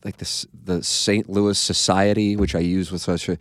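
A man's voice: sits low, little pitch movement, moderate pace, no room sound, clean studio sound. A man hosting a podcast in casual chat, rambling and profane, trailing off into asides. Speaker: podcast host.

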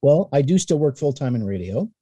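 A middle-aged man from Canada telling animated stories as a guest in a casual interview, sometimes acting out the voices he quotes. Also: mid-range voice, fairly quick. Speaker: guest, newspaper columnist and radio voice.

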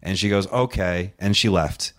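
A man's voice: low-pitched, moderate pace, a bit bright. A man on a casual podcast, telling a rambling story with lots of swearing and acted-out quotes.

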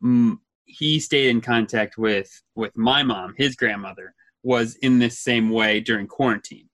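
A man in his thirties talks casually as a podcast co-host, rambling through his thoughts and breaking into laughs. His voice is bright and forceful. The sound is dry and close, with no room around it. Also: mid-range voice, measured pace, dry recording. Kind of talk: casual chat.

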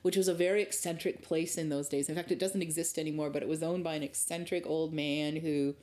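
In a reflective interview, a middle-aged rural Ontario woman looks back on her early career, candid and thoughtful with many restarts. She speaks fairly quickly in a low, slightly mellow voice with fairly even intonation. She is the guest.

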